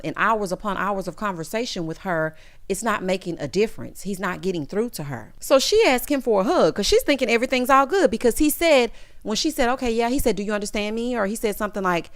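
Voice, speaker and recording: A woman giving a sassy, casual recap of a reality show, mimicking the cast as she goes. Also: mid-range voice. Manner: sassy, animated, quotes cast members in mock voices.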